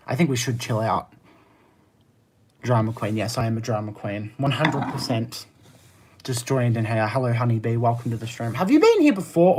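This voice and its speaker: A live streamer chatting with viewers and arguing back at their messages in fast rants full of "like", laughing often. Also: medium pitch. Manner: argumentative, fast rants with many "like" fillers; laughs often, easily amused.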